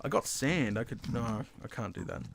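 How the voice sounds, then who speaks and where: A man with an Australian accent giving casual, chatty commentary over his own gameplay as a video host, excitable and self-deprecating. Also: medium pitch, normal speed, vocal fry, very noisy.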